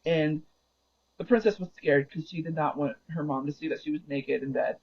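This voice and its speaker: A man's voice: on the high side, moderate pace, breathy edge. A man streaming a game and casually retelling a story, rambling and often correcting himself mid-sentence. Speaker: gaming livestreamer. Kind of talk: casual storytelling while gaming. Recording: dull lo-fi recording.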